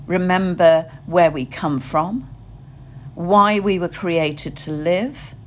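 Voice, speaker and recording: A woman giving a reflective sermon, leading listeners through a gentle guided imagining in short, meditative phrases. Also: fairly low pitch, slight background noise. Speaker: preacher.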